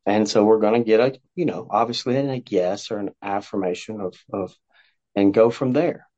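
A man giving parenting advice as a podcast guest, lively and talkative, acting out conversations between parent and child. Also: fairly low pitch, normal speed. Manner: animated, acts out parent-child dialogue. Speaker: guest, youth counselor. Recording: dull lo-fi audio.

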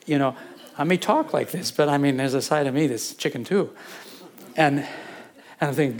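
Male pastor, sermon and prayer; slightly high voice, fervent, swells from quiet to urgent. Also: expressive, normal speed, pauses often. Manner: repeats phrases for emphasis.

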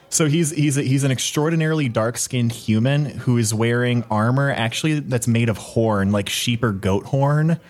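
A man's voice: mid-range voice, darkish tone. A man playing a tabletop game, describing his character in a casual, rambling way. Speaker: player.

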